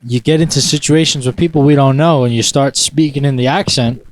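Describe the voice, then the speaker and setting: A man's voice: mid-range voice, fairly even intonation, fairly quick, a little hiss or hum. A man co-hosting a podcast in casual chat, teasing and laughing a lot. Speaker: podcast co-host.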